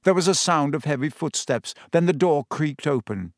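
A man reading a storybook aloud in a measured, expressive narration. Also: on the high side, no room sound, clean studio sound. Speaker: audiobook narrator.

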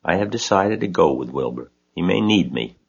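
A wise, composed spider from a storybook, read by a man in his own deep voice. She speaks softly and thoughtfully, with a husky edge. The recording is dull and lo-fi. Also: expressive, moderate pace, full character voice. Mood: calm. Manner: soft, composed. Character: wise calm female spider, kindly leader.

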